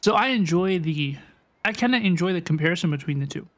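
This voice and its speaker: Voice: medium pitch, lively intonation, fast talker. A game streamer chatting casually with viewers, rambling with lots of fillers and tag questions. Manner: rambling, filler-heavy, asks chat "right?". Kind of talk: casual live-stream commentary.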